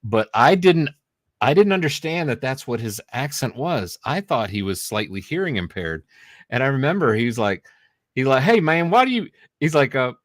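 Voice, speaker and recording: A man co-hosts a podcast, telling funny stories in casual conversation and laughing often. His mid-range voice has lively intonation and a moderate pace, with clean studio sound and no room sound.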